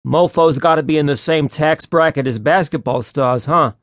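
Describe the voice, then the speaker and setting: A man's voice: fairly high pitch, normal speed, dry recording, studio quality, close to an everyday voice. A man voicing a stocky male mechanic who mumbles in slangy, awed asides. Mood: mumbling.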